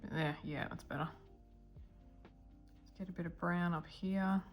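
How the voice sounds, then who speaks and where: A woman's voice: on the low side, steady tone, a little slow, soft background music. A woman hosting a guided coloring tutorial, chatting and mumbling to herself as she works. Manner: chatty, mumbling self-talk while working.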